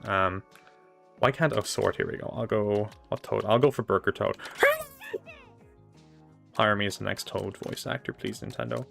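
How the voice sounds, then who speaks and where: A man's voice: fairly low pitch, fairly even intonation, normal speed, creaky, pauses often, fairly bright tone, soft background music. A young man chatting casually while playing a racing game live, rambling and swearing now and then, on a desk microphone. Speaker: streamer. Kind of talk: casual live gameplay chat.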